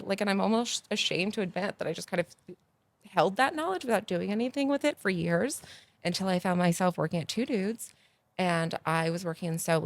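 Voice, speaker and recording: A woman, a podcast guest telling stories in a casual, animated way that grows loud and excited. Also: medium pitch, creaky, no room sound. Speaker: podcast guest, agency founder. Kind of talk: casual interview storytelling.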